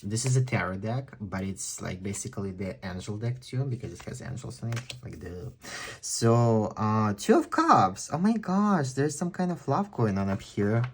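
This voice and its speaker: A man with a non-native English accent giving a chatty, excitable pick-a-card tarot reading. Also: lowish voice, normal speed, a little hiss or hum. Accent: non-native English speaker. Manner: chatty, excitable, exclaims often. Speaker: tarot reader.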